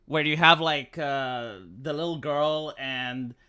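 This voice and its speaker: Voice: mid-range voice, fairly even intonation, takes it slowly, sharp tone, smooth. A streamer giving exasperated live commentary over gameplay, ranting and stumbling over words.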